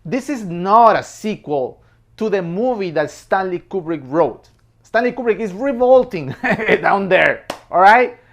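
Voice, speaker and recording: A man's voice: sits high, lively intonation, measured pace. Emphatic man reviewing a movie. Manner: emphatic, apologetic asides, repeats phrases, laughs between points. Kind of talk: casual opinionated film commentary.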